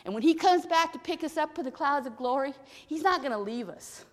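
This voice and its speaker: A woman telling an expressive story to children during a church service. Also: high voice, a little fast, in a large hall.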